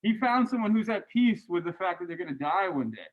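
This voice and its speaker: A man lecturing a university class and going over graded answers, animated and chatty, often adding "right?". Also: high-pitched, a little fast, narrow, tinny audio. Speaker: university religious studies lecturer.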